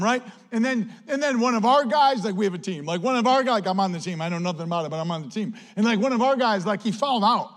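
A man preaching a sermon as pastor, chatty and animated, telling a story with lots of "like" and acted-out quotes. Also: sits high, a little fast, hardly any pauses.

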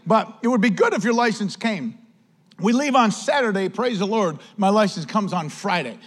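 A man with a Western New York accent preaches in a storytelling sermon. His voice sits high for a man. He talks in a casual, animated way and keeps dropping "man" into his sentences as he tells the story. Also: moderate pace. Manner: animated, conversational, says "man" often. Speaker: pastor.

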